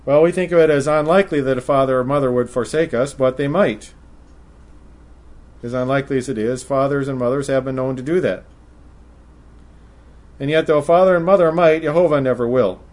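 A man preaching a sermon, speaking in a measured way and reading scripture passages aloud in old-style wording. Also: medium pitch, darkish tone.

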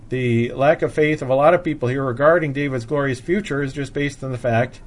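A man giving an expository Bible sermon, reading scripture passages aloud in old-fashioned wording and then explaining them plainly. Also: mid-range voice. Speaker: Bible teacher.

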